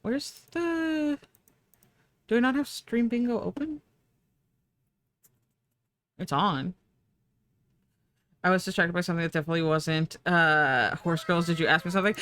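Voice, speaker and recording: A woman's voice: fairly low pitch, animated, unhurried, long pauses, fairly bright tone. A young woman streaming live, chatting casually with viewers while she draws, sleepy and yawning. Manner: chatty, bubbly, talks to chat and herself.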